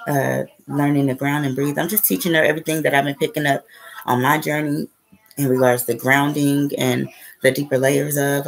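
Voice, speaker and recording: Gravelly woman, rambling spiritual storyteller. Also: rumbling low, low-quality recording. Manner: rambling and profane, with frequent "okay?" and "right?" asides. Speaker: spiritual vlogger. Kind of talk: casual storytelling.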